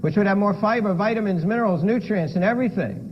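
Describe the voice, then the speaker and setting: A man's voice: sits high, fast. A man giving a playful lecture with props to a room of listeners, firing questions at the audience. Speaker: lifestyle medicine lecturer. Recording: dull lo-fi lecture recording with noise.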